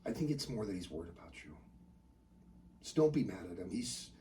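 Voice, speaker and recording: A man voicing a worried, gentle mother who speaks quietly to her son. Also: fairly low pitch, big pitch swings, a little fast, recorded from a distance, slight background noise, pitched below the performer's own voice. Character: worried soft-spoken mother, middle-aged woman.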